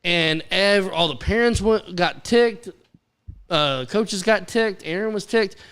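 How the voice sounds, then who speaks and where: A man's voice: high-pitched, slow pace, fairly bright tone, clean tone. A man co-hosting a casual podcast, backing up his partner and telling his own side of the story. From American South. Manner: chimes in, backs up the story. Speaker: podcast co-host. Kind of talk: casual chat.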